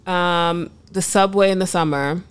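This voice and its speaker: A woman's voice: on the low side, unhurried, clear, resonant tone. A woman co-hosting a casual chat, frank and opinionated, sometimes reflective. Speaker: podcast co-host.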